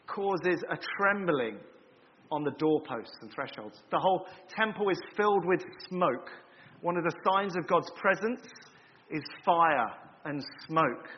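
A man preaching a sermon, explaining a passage in a measured way with frequent ums and repeated words. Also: a little high, slight background noise. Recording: dull lo-fi recording in a reverberant hall.

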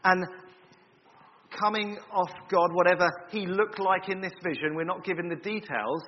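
A man preaching a sermon, explaining a passage in a measured way with frequent ums and repeated words. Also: high voice, fairly even intonation, background noise. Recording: dull lo-fi recording in a reverberant hall.

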